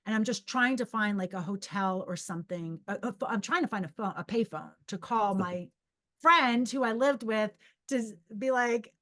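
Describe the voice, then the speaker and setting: A middle-aged woman telling a story casually on her own podcast. She talks in a loose, animated ramble, restarts her sentences and acts out what she was thinking. Her pitch sits in the ordinary middle range for a woman. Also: normal speed. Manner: animated, rambling, with many restarts and acted-out inner voices. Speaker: podcast host and psychic medium.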